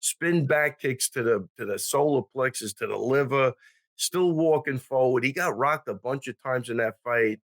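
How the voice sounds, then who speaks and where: A man with a New York accent, a guest on a fight podcast, talking bluntly in a halting way with many restarts and some swearing. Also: medium pitch, no echo. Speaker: guest, MMA coach. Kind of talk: casual sports chat.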